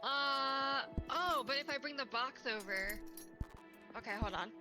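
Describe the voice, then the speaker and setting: A woman's voice: sits high, unhurried. Giggly young woman directing a co-op game. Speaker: streamer. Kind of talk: casual co-op gameplay chat. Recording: game music behind voice.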